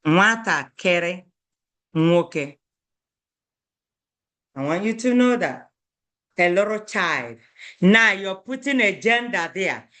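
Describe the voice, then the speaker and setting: A woman's voice: mid-range voice, fairly bright tone. A woman teaching a beginner language lesson, repeating each word and checking in with "okay?".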